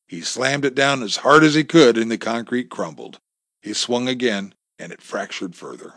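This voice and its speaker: Male audiobook narrator, low voice, animated pitch, dry close studio sound. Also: no room sound. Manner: measured storytelling, all voices by himself. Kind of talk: scripted narration of a thriller.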